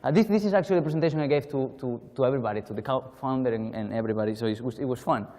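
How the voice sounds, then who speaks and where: A man's voice: mid-range voice, very fast, dark tone, long reverb tail. A man from Spain with a Spanish accent, giving a chatty, self-deprecating keynote talk at a conference with many restarts. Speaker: conference speaker. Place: conference hall.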